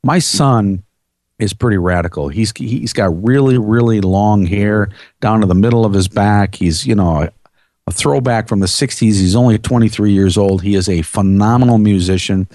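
A man's voice: on the low side, normal speed, a little mellow, dry recording, clean studio sound. A middle-aged male host in a casual faith talk, answering his guest with short affirmations. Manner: brief affirming interjections.

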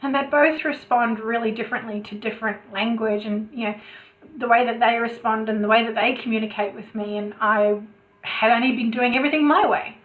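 A woman's voice: on the high side, fairly quick. A woman talking as a podcast guest in a chatty way, restarting her sentences often. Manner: chatty, many restarts, animated asides. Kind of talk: casual interview chat. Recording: tinny phone-like remote call.

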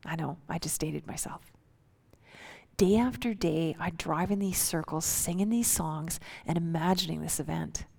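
Woman, storyteller, low voice, gravelly, suspenseful, conversational. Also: normal speed, darkish tone. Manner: vivid, suspenseful, conversational narration. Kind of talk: first-person storytelling.

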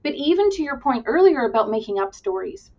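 Animated high-voiced woman, lo-fi audio. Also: a little fast. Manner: animated, acts out quotes while telling classroom stories. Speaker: podcast guest, early-childhood educator. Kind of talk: casual conversation. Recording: dull lo-fi remote audio.

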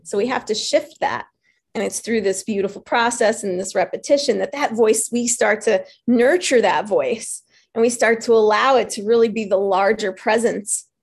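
A woman life coach giving a motivational talk, earnest and animated as she tells stories. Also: mid-range voice, normal speed, slightly rough.

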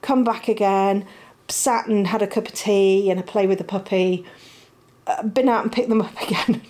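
A woman's voice: medium pitch, steady tone, normal speed, a little mellow, a little hiss or hum. A middle-aged woman, chatting casually and rambling at home as a podcast host, laughing often. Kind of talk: casual chat. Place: home, puppy nearby.

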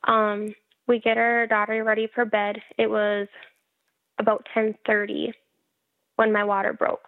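A woman's voice: mid-range voice, monotone, a little slow, no echo. A woman frankly telling her own story in a casual interview, wry and laughing at herself. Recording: tinny phone-like line.

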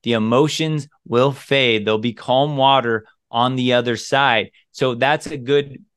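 A man's voice: mid-range voice, fairly even intonation, measured pace, a bit bright, smooth, no room sound, clean studio sound. A man co-hosting a podcast, talking earnestly in casual chat and repeating phrases for emphasis. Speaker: podcast co-host.

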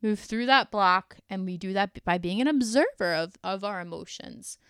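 A woman's voice: mid-range voice, lively intonation, moderate pace, a bit bright, smooth, no echo, clean studio sound. A woman hosting a solo motivational podcast, talking in an earnest, heartfelt way with casual fillers. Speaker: podcast host.

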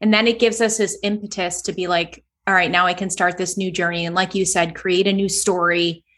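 A woman hosting a podcast interview, enthusiastic and affirming, retelling her own story in an animated way. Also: on the low side, fairly quick. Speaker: podcast host. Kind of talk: interview conversation.

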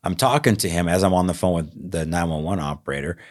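Deep-voiced Texan man telling a wild story. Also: fast. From Texas. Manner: animated storyteller, acts out quoted lines, laughs often. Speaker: podcast co-host. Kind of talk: casual storytelling.

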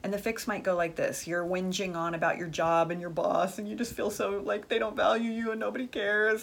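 A woman with a husky, breathy voice at a middling pitch talks straight to the listener about dating. She is chatty and frank, leaning on "like" and "the truth is" as she tells stories about her friends. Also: level tone, fairly quick, hardly any pauses. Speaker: dating and relationship advice speaker. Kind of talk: casual advice monologue with stories.

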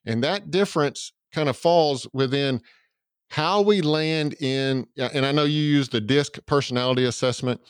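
A man's voice: mid-range voice, moderate pace, clean tone, no room sound, clean studio sound. A man with a Southern US accent from Georgia hosting a podcast, enthusiastic and promotional, with lots of fillers. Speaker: podcast host. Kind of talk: podcast interview.

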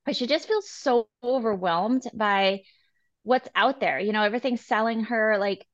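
A woman co-hosting a casual health podcast, talking in an earnest, encouraging way and quoting people in quick asides. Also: fairly high pitch, highs cut off. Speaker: podcast co-host.

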